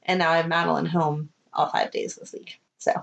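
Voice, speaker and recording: Casting: middle-aged woman, chatty podcast co-host, casual animated storytelling. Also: sits low, a little fast, creaky. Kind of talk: casual chat.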